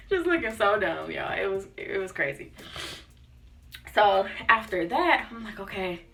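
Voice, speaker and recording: A young woman vlogger tells a story in a loose, chatty way and acts out the people she quotes. Her voice is bright and forceful. She sits a little back from the mic, with soft music playing underneath. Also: medium pitch, lively intonation, moderate pace, recorded from a distance. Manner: chatty, acts out quotes, says "like" and "y'all" often. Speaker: lifestyle vlogger. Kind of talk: casual storytelling to camera. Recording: voice a bit off-mic with faint music behind.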